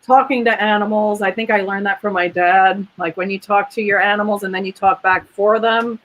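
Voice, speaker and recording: A woman's voice: mid-range voice, fairly even intonation, fairly quick, a bit bright, low-quality recording. A woman guest in a casual interview, a veterinarian who talks in an earnest, chatty way and speaks proudly of her family. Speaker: guest, veterinarian and clinic owner.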